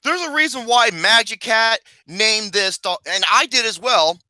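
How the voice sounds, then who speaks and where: A man in casual gaming chat, animated and swearing a lot, laughing often. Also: sits high, moderate pace, dry recording, low-quality recording. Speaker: co-host.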